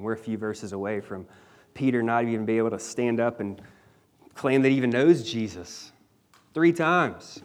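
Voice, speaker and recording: A man's voice: mid-range voice, darkish tone. A man preaching a sermon, retelling a scripture passage with emphatic, dramatic storytelling and the odd casual slang aside.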